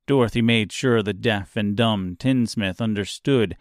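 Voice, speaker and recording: A man reads an audiobook in a slow, measured way, his voice sitting low. The recording is close and dry, with no room echo at all. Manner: measured, even storytelling. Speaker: audiobook narrator. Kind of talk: scripted audiobook narration.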